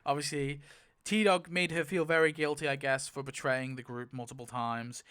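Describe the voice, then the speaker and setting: A man in casual, rambling commentary while spinning a wheel to rewrite a story, getting excited at results and briefly quoting characters. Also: on the high side, moderate pace, smooth. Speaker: YouTuber.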